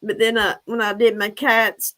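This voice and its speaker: A woman, hosting a casual live stream, hoarse and breathless from laughing, chatty and a bit scattered. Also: medium pitch, little pitch movement, normal speed, fairly bright tone. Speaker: livestream host. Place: room at home.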